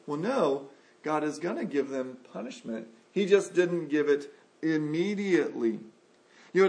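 Male preacher, slightly higher voice, animated sermon delivery, acts out quotes.

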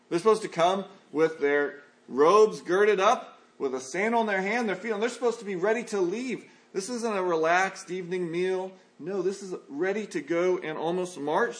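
A man preaching a sermon, reading scripture aloud and then explaining it in a folksy, conversational way. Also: sits high.

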